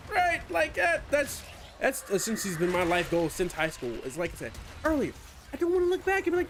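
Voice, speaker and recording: A man's voice: sits high, brisk. Rambling, profane male game streamer. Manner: rambling, profane, self-deprecating. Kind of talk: casual gaming stream chat. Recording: steady background noise.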